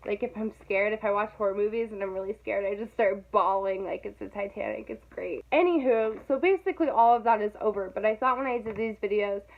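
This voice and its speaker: A young woman vlogging casually to camera, animated and dramatic, laughing often and mocking her own overreacting. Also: mid-range voice, brisk, hardly any pauses. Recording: tinny phone-like sound.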